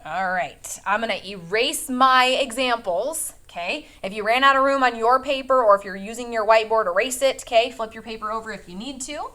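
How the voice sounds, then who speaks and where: A woman teacher giving a phonics lesson, with clear, patient instructions and frequent check-ins. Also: a little high, fairly quick, hardly any pauses, bright, forceful tone. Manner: clear, patient classroom instructions with lots of okays.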